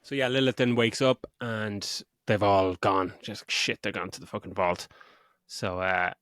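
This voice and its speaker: A middle-aged man with a fairly low voice talks through a movie's plot in loose, profane podcast chat. He rambles from scene to scene. The sound is dry and close, with no room around it. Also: fairly even intonation, measured pace, fairly bright tone, dry recording. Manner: sweary, rambling retelling with mock voices. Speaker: podcast host. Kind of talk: casual film review chat.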